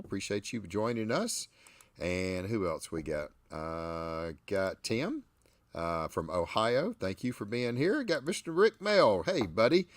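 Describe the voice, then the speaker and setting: A man's voice: on the low side, dry recording. Folksy Southern man hosting a livestream. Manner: folksy, joking, laughs often. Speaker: host. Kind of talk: livestream podcast chat.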